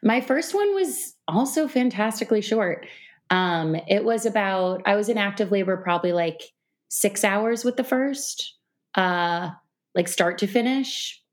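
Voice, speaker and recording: A woman guest on a podcast, talking in a relaxed, reflective way, with lots of fillers. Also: medium pitch, a little slow. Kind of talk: casual interview conversation. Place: New York City.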